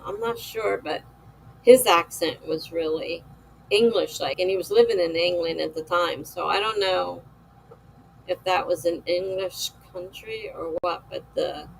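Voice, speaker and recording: A woman talks casually to her viewers on a live stream, candid and a little gossipy. She takes her time over her words. Her voice carries a gravelly crackle, and a faint hiss sits behind it. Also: on the low side. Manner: candid, gossipy, laughs often. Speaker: writer hosting a live stream.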